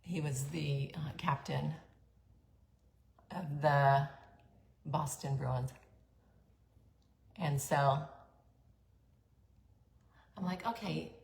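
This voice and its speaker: Low-voiced woman telling stories casually. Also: steady tone, darkish tone. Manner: chatty, with fillers, throat-clearing and quick asides. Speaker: vlogger telling her life story. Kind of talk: casual storytelling monologue. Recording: echoey room, faint background hum.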